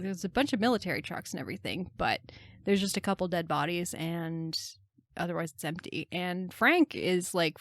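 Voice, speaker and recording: A young woman co-hosting a film podcast, recapping the plot in casual chat, wry and quick to laugh, slowing down as she narrates the scenes. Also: mid-range voice, dry recording, studio quality. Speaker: podcast co-host.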